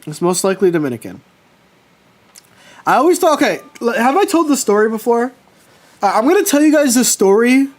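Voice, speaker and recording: A man chatting casually with his livestream viewers, telling personal stories with lively swearing. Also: extremely high pitch, fairly quick, long pauses. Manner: animated storytelling, swears casually. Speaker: streamer.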